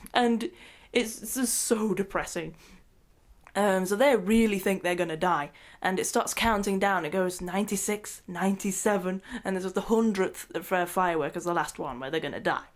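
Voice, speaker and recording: A woman recapping a movie in a rambling, excitable rant, often breaking into laughter mid-sentence. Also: medium pitch, moderate pace. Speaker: movie reviewer.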